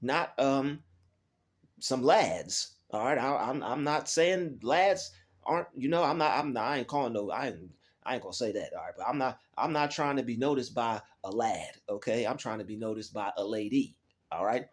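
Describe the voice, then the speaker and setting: A man's voice: mid-range voice, expressive, moderate pace. A man hosting his own channel, talking casually and preachily to his viewers, often repeating words as he searches for them. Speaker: YouTube channel host. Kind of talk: casual monologue to camera.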